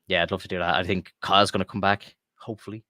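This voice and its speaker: A man's voice: sits low, little pitch movement, fast, pushed and bright, no echo, studio quality. An Irish man co-hosting a podcast, telling rambling stories from his home room and swearing freely in casual chat. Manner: rambling storyteller, swears freely, says "like" a lot. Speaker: podcast co-host.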